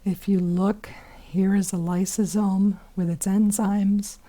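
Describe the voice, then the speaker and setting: A hoarse woman teaching biology in a chatty recorded lesson, with many fillers and whispery asides. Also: medium pitch, flat delivery, slow, warm tone.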